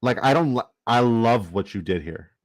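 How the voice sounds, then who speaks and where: A man's voice: mid-range voice, animated, moderate pace. A man from Canada, giving loose, jokey commentary and swearing casually while running down a fantasy football draft.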